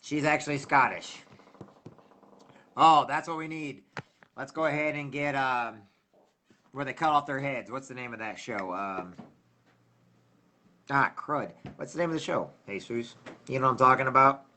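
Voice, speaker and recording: A middle-aged man hosts a loose, casual livestream. He rambles and hunts for words out loud. His voice is bright and forceful. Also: medium pitch, normal speed, long pauses, slight background noise. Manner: rambling, loses his train of thought. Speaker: livestream host.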